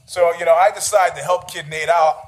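Sarcasm and needling run through this profane, casual rant of a story from a man who sounds middle-aged, his voice notably high. He frequently cracks himself up, talking a little fast in a steady tone.

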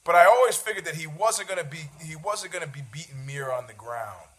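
A man's voice: a little high, brisk, fairly bright tone. A man, hosting a show, rambling about fights with sarcasm and freely dropping swear words. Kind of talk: casual chat about fights.

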